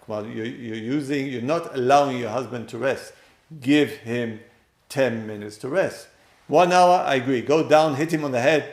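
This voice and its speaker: Male teacher, gravelly, emphatic and repetitive, recorded in an echoey room. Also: medium pitch. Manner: emphatic, repeats key phrases, addresses listeners directly. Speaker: teacher giving marriage guidance. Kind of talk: spoken lesson on marriage. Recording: roomy echo.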